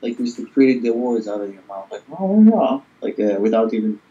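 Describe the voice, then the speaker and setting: Laid-back male co-host, warm dark tone, lo-fi recording. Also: fairly low pitch, fairly even intonation, fairly quick. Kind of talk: casual chat. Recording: dull lo-fi sound.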